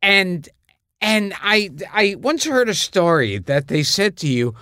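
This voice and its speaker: A man co-hosting a studio talk show, telling anecdotes in a lively way and laughing. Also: sits high, slow pace, clear, resonant tone, no echo. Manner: animated storyteller, laughing. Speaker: co-host. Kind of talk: casual chat.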